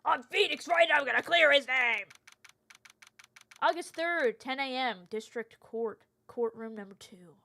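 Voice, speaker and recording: A woman voicing an earnest young male rookie lawyer, reading his game narration in a low, quiet, sincere voice. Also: measured pace, heavily acted. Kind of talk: reading game narration aloud while streaming.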